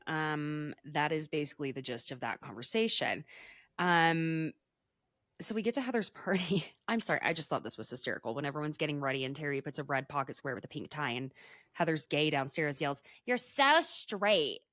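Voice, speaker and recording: A woman's voice: deep voice, dry recording. Giggly, chatty woman podcast host, dry sound. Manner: giggly, chatty, many fillers. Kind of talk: casual gossip chat.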